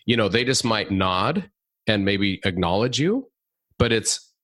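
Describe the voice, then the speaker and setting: A man chatting as a podcast guest, telling lively stories and laughing often. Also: on the low side, a little slow, no room sound, studio quality. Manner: animated storyteller, laughs often. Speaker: podcast guest, comedy consultant. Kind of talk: casual interview chat.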